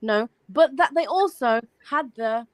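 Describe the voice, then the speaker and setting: A woman's voice: on the high side, animated, measured pace, no room sound. Brummie woman reading aloud on a live stream. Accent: Birmingham. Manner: reads aloud with slips and self-corrections. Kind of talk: casual panel chat, reading an article aloud.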